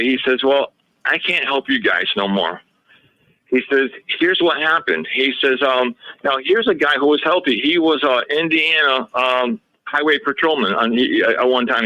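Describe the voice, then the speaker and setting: A man's voice: medium pitch, normal speed, no echo, dull audio. A man talking as a radio show guest, telling a long story in a rambling way and often quoting what others told him. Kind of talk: casual interview storytelling.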